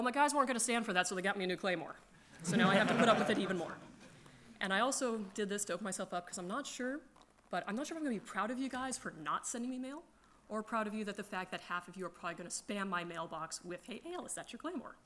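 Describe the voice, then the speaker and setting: A woman telling casual, animated stories about her gaming group, laughing often and acting out her friends' lines. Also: mid-range voice, fast talker, slight background noise. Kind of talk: casual storytelling to a crowd.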